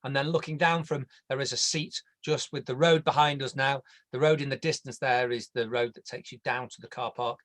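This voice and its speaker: A man's voice: medium pitch, fairly even intonation, fairly quick, few pauses, fairly bright tone. A man with an English accent presenting a landscape design online in a chatty, jokey way, sometimes tripping over his words.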